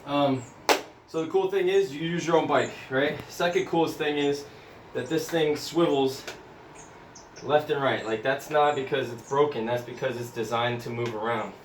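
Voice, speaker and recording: Out of breath, a man from Florida, US, gives a casual demo of his home cycling trainer setup, rambling easily with lots of ums in a mid-range voice at normal speed. He's in a carpeted home room with an overhead fan, and the echoey recording catches him off-mic with a little hiss or hum.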